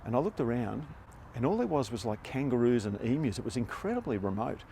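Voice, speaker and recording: A man's voice: mid-range voice, fairly quick, creaky, slight background noise. Wry Australian man telling a yarn. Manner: relaxed, wry and conversational. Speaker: storyteller. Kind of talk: casual spoken storytelling.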